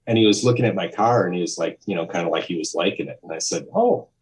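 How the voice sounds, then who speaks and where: A man in his fifties with a very low voice tells a story as a podcast guest. He rambles along in a candid, conversational way, restarting sentences and acting out what people said. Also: very fast, a little hiss or hum, rough recording. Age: 50s. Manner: rambling, with frequent restarts and acted-out quotes. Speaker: podcast guest, music photographer.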